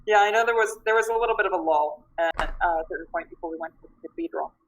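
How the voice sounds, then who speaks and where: A woman's voice: on the low side, racing, poor audio. A woman talks through her thoughts after a tabletop session, casual and searching for the right words. She is a player who also draws the group's characters, and she takes her time weighing each point. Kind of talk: casual feedback chat after a game session.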